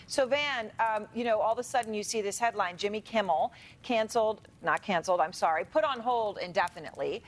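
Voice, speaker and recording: Female TV news anchor. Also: medium pitch. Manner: measured, explains and clarifies points. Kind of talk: broadcast news interview.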